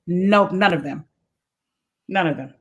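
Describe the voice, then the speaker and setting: A woman's voice: on the low side, unhurried, slightly rough. A woman co-hosting a casual talk show, speaking emphatically and repeating words for stress. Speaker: co-host. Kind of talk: casual podcast chat.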